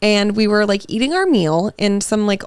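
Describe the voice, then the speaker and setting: A young woman co-hosting a podcast rambles happily through a story, and "like" fills her sentences. Her voice sits at a middle pitch. The recording is close and dry, with no room sound. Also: lively intonation, moderate pace, smooth, no room sound. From Massachusetts. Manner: chatty storyteller, lots of "like". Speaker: podcast co-host. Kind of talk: casual chat.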